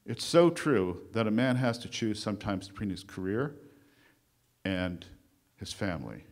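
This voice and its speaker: Low-voiced male conference speaker. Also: animated, darkish tone. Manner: conversational, with frequent "uh" pauses while recounting history. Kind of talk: lecture at a conference. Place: conference room before an audience.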